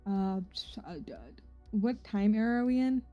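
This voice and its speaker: A woman's voice: on the high side, fairly even intonation, moderate pace, soft background music. A woman playing a tabletop game, easygoing and giggly, hesitating often. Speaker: player. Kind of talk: casual tabletop game play. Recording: dull, dry lo-fi mic.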